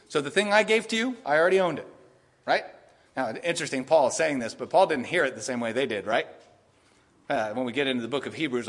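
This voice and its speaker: Emphatic high-voiced male preacher. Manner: emphatic, swings between loud and soft. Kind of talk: sermon. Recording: long reverb in a large hall.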